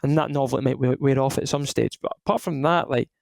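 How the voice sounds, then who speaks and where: A man's voice: medium pitch, quick pace, creaky, no room sound, poor audio. A Scottish man in his thirties, a retired footballer, talking casually and rambling through stories with lots of restarts. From Scotland. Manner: rambling, frequent restarts, relaxed storytelling. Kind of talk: casual podcast chat.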